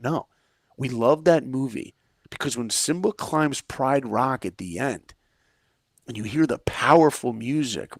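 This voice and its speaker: Animated gravelly-voiced male storyteller. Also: no room sound, clean studio sound. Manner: energetic, acts out quoted lines with big swings in pitch and volume. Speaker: podcast guest, filmmaker and speaker.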